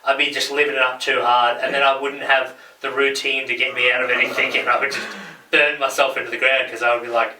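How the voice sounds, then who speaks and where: A man's voice: medium pitch, little pitch movement, fast talker, bright, forceful tone. A man in casual podcast chat, speaking loosely and mostly agreeing with short replies. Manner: loose, agreeable, lots of "yeah". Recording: echoey room, mic at a distance, faint noise.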